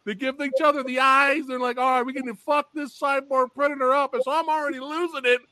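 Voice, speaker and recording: A man hosting a podcast interview, telling a story in an animated, excitable way, swearing freely. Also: very high-pitched, quick pace, no echo, studio quality. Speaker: podcast host.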